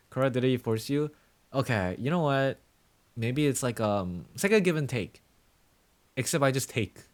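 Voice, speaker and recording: A man's voice: medium pitch, lively intonation, moderate pace, pauses often. A male streamer chatting casually with his viewers, playful and teasing in mock-villain banter.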